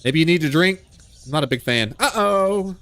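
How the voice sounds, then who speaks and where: Male game streamer, casual chat, jokey, rambling, slightly high voice, dry close sound. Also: animated, normal speed, fairly bright tone, dry recording. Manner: jokey, rambling, laughs a lot.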